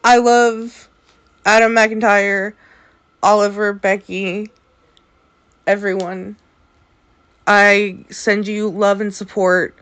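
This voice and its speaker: A woman's voice: medium pitch, flat delivery, slow pace, long pauses, a bit bright, clean tone. A woman vlogger giving opinionated commentary, sassy and exasperated, speaking straight at the person she criticizes. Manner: sassy, exasperated, addresses her subject directly.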